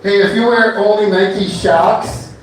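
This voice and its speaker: A man's voice: high voice, steady tone, a little slow, a crowd in the background. A man performing a stand-up comedy set on a bar stage, rambling loosely with many fillers between one-liners. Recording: echoey club room from far off.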